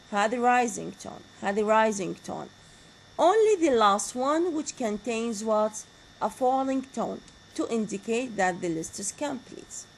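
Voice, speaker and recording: A woman's voice: fairly high pitch, slight background noise, low-quality recording. A woman with an Iraqi Arabic accent and Arabic as her first language, giving a university lecture and often asking the class questions and repeating key words. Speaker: teacher.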